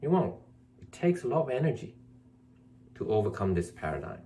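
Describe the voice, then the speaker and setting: A man's voice: very animated, brisk, mellow. A man speaking as a spiritual teacher in an emphatic, scolding monologue, repeating his points and mocking excuses in a whiny voice. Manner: mocks others in a whiny high voice. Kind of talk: preachy monologue to camera.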